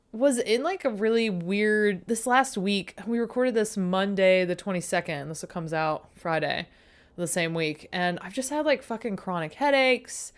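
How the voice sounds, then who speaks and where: A woman hosting her podcast, chatty and self-deprecating, swearing freely and a bit low on energy. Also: clear, resonant tone. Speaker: podcast host. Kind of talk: casual solo podcast intro.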